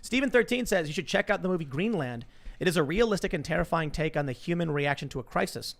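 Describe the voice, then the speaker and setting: A man hosting a live talk show, reading viewer messages aloud in quick, casual chat. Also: fairly high pitch, lively intonation, gravelly. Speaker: show host.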